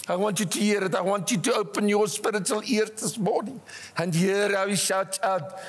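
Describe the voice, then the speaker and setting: An older man with a South African accent preaching a passionate sermon, swinging between rising cries and hushed asides, in a church. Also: sits high, normal speed. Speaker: pastor. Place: church hall. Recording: church hall reverb.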